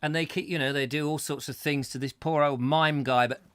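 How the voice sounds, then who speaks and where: A man's voice: on the high side, steady tone, fairly quick, a bit bright, smooth. A middle-aged man, hosting a comedy chat show and spinning whimsical, rambling tangents full of fillers. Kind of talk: comic rambling monologue.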